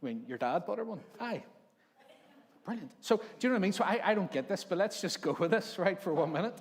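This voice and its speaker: A man's voice: high voice, lively intonation, fast, big-room sound. A man of forty with a Northern Irish accent, preaching a conversational sermon full of jokes and acted-out voices. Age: 40s. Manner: jokey storytelling, acts out overheard voices. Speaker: pastor. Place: church hall.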